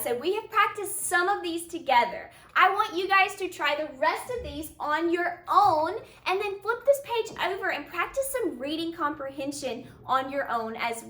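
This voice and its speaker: Teacher lady doing a kids phonics lesson, high lively voice, echoey room. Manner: slow, upbeat, encouraging, praising often. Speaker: first-grade teacher. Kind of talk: phonics lesson for young children.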